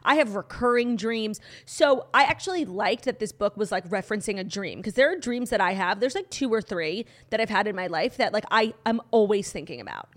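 A woman co-hosting a casual podcast, her voice a little hoarse from a long night. She talks in gushing, chatty runs full of "like" fillers, at an ordinary middle pitch. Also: expressive, fairly quick, few pauses. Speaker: podcast co-host. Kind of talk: casual chat.

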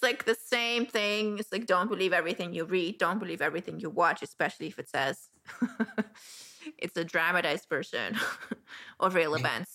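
A woman's voice: on the low side, sharp tone. A woman with a German accent hosting a casual interview, giggling often and hesitating with fillers. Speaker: host.

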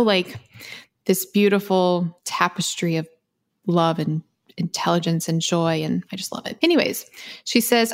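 A woman co-hosting a podcast in casual chat, reading listener mail aloud in a gushing, chatty way. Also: on the low side. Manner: gushing, chatty, full of "like" fillers, laughs often. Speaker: podcast co-host.

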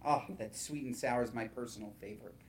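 A man's voice: medium pitch, quick pace, slight background noise. A man co-hosting a casual podcast, chatty and full of playful follow-up questions. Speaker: podcast co-host. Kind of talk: casual chat.

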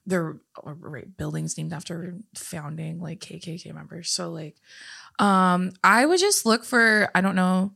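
A young woman co-hosting a podcast, telling personal stories in a relaxed, candid way. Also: on the low side, a little slow, creaky, husky. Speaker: podcast co-host. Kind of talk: casual chat.

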